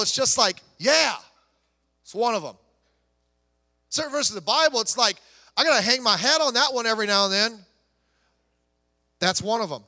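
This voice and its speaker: A male pastor delivering a sermon, swinging between emphatic declarations and soft, conversational storytelling. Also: very high voice, in a large hall.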